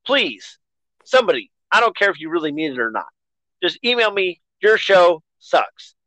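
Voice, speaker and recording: A man's voice: fairly high pitch, very animated, a little fast, sharp tone, dry recording, low-quality recording. A man hosting a casual podcast, chatting in a rambling, self-deprecating way. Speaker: podcast host.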